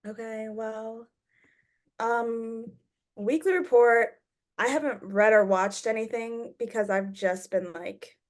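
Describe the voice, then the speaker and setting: Animated, fairly high-voiced young woman. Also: slow. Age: young adult. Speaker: podcast co-host. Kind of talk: casual chat.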